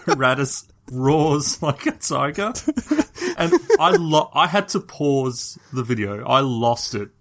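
A man's voice: medium pitch, a bit bright. A man co-hosting a casual podcast, rambling and laughing while recapping a video. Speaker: podcast co-host. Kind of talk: casual chat.

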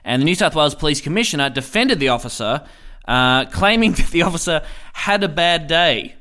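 A man runs a satirical comedy podcast in a slightly high voice. He talks in a sarcastic, mock-earnest way and keeps chuckling through his own jokes. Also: lively intonation, brisk, pushed and bright.

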